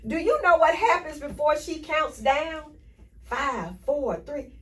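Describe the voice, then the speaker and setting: An energetic woman hosts a motivational podcast, speaking in a fairly high voice. She preaches and repeats short affirmations. Her voice sits a little away from the mic. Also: takes it slowly, distant mic, poor audio. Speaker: podcast host.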